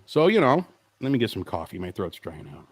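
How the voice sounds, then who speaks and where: A man's voice: on the low side, very animated, fairly quick, slightly rough. A man hosting a live stream, ranting in a profane, exasperated and rambling way. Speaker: host.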